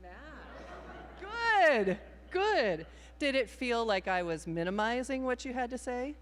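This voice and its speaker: A woman's voice: on the high side, sing-song, slow pace. A woman minister leading a playful children's time in a worship service, improvising and encouraging the young people. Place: church sanctuary. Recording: long hall reverb in a sanctuary.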